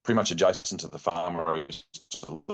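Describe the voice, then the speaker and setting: Middle-aged Australian male guest, low-pitched, loose and animated storyteller. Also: a little fast, gravelly. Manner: rambling, animated anecdote telling with many fillers. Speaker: guest, bowhunting club chairman. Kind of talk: casual storytelling chat.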